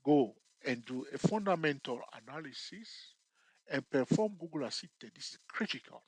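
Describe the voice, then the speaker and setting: During a screen-share lesson on trading charts, a man keeps checking in with "okay?" and "all right?", repeats himself, and occasionally laughs at his own jokes. His slightly high voice is animated and breathy at a normal speed, with no echo.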